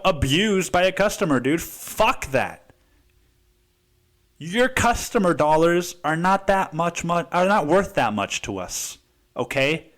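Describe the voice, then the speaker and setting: A man's voice: sits high, a bit bright. A man hosting a podcast, telling a story in a rambling, profane way and saying "dude" constantly. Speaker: podcast host. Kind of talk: casual storytelling monologue.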